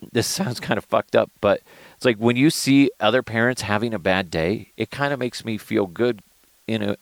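Man, podcast host, low gravelly voice, profane animated rambling, dry close sound in a car. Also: dry recording. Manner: profane, animated storytelling, frequent laughs. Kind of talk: casual solo podcast monologue. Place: inside a parked car.

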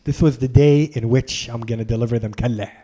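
A man telling a long travel story in casual conversation, animated and laughing often. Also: medium pitch, fairly quick. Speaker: guest storyteller.

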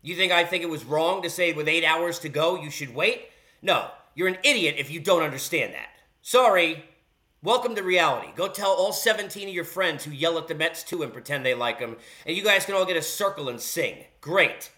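A man's voice: on the high side, expressive, a little fast, pushed and bright. A man hosting a sports podcast, ranting bluntly and sarcastically. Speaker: podcast host. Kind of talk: opinionated sports rant.

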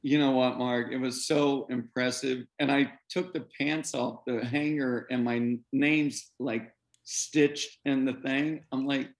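A middle-aged man in an interview, a former baseball pitcher, tells his story with lively energy. He acts out the voices of the people in it and his pitch sits in an ordinary middle range. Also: unhurried. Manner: animated, acts out quoted voices, breaks into laughs.

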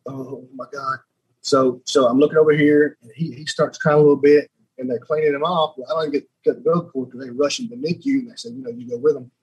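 A man, a podcast guest telling a personal story in a halting, repeating way, often dropping quiet. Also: husky, poor audio. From Alabama. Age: 30s. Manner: halting, repeats words, voice drops low and quiet when moved. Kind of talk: emotional storytelling.

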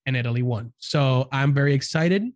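A man's voice: medium pitch, fairly quick, no room sound. A man co-hosting a podcast, chatting casually and upbeat, often repeating words as he goes. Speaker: podcast co-host. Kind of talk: casual chat.

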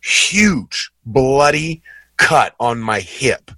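A man in his thirties, co-hosting a podcast, chatting casually and telling stories in a relaxed, slangy way. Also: medium pitch, drawn-out words, no room sound. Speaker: podcast co-host, former college basketball player. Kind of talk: casual chat.

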